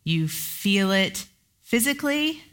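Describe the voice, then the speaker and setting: A woman's voice: slow, smooth. A middle-aged woman hosting a solo coaching podcast, explaining ideas and now and then acting out inner voices. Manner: animated, acts out inner voices in a high pitch. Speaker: podcast host and business coach.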